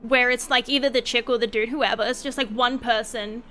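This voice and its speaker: A tired young woman streamer chatting casually on a late-night stream, rambling through a story with lots of fillers and animated asides. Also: on the high side, a little fast, a little hiss or hum.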